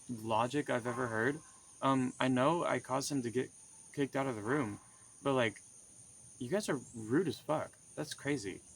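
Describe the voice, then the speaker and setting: A man's voice: mid-range voice, creaky, slight background noise. A young man telling the story of a dream in a casual, rambling way, with many fillers and restarts. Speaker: vlogger recounting a dream.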